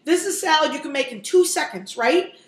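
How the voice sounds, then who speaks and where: A woman's voice: sits high, lively intonation, fairly quick. Chatty woman cooking in an echoey kitchen. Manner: chatty, jokey, talks straight to viewers. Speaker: cooking show host. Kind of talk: casual cooking demonstration.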